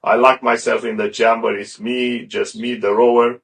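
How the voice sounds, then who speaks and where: A man's voice: mid-range voice, flat delivery, moderate pace, gravelly, a bit bright, a little hiss or hum. A middle-aged man talking casually as an interview guest, rambling and restarting his sentences often. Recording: a bit far from the mic.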